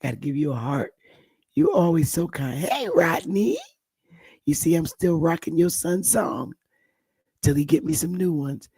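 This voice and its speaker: A woman hosting a casual livestream, hoarse while her voice recovers, talking softly and greeting viewers by name. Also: deep voice, expressive, measured pace, pauses often, dry recording. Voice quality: gravelly, husky. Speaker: livestream host.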